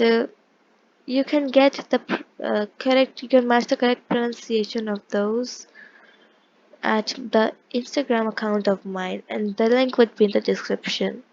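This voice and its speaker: Woman, language teacher, fairly high voice, patient explaining, dull lo-fi sound. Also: vocal fry, darkish tone. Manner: explains patiently, with frequent restarts and check-ins. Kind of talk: casual online lesson explaining pronunciation.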